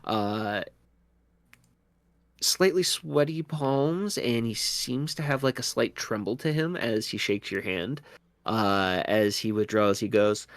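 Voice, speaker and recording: Male game master, slow deliberate narration, deep voice, dry close mic. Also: no room sound. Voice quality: slow, filler-laden narration.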